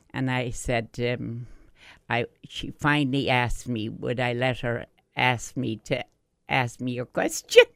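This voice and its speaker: A woman telling a long, chatty story on a radio show, her voice smooth and clear. She talks on without pause, close to a dry studio microphone. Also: extremely low pitch, no room sound. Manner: talkative, breathless storyteller. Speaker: radio guest. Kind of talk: casual radio interview.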